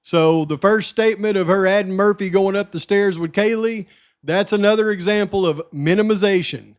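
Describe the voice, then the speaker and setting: Male host, high-pitched, emphatic case commentary aimed at viewers. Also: normal speed, clean tone. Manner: emphatic, repeats points, talks straight to viewers. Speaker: true-crime channel host.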